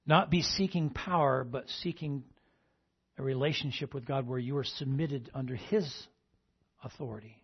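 A male pastor preaches a sermon in a medium-pitched, slightly rough voice at a normal speed, and the audio sounds dull. Between points he turns to the congregation with "amen?" in a call-and-response style, repeating it again and again.

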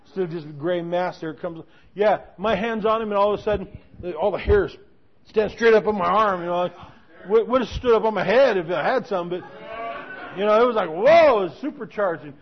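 High-voiced preacher telling a story, lo-fi. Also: male voice, fairly quick. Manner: animated, with many restarts. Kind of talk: sermon storytelling. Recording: dull lo-fi recording.

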